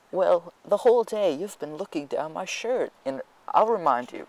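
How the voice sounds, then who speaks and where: A man's voice: medium pitch, darkish tone, a little hiss or hum, low-quality recording. A teenage boy telling a rambling, sarcastic storytime rant, stitching it together with constant fillers. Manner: rambling, sarcastic, keeps saying anyway. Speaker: vlogger.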